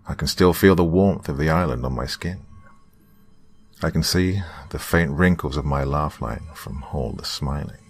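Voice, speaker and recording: Very deep-voiced man narrating horror. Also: creaky. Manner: slow, dramatic delivery dipping into whispers.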